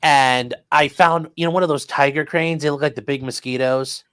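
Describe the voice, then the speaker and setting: A man hosting a casual group video call, telling a rambling, animated story with many restarts. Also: fairly high pitch, moderate pace, smooth, no room sound. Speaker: host.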